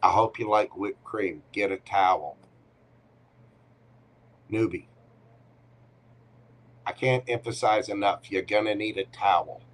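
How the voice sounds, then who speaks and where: Tarot host, male, lowish voice, slow delivery, playful and teasing. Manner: playful, teasing, punchy short commands. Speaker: tarot reader hosting a live members Q&A. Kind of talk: live-stream tarot reading.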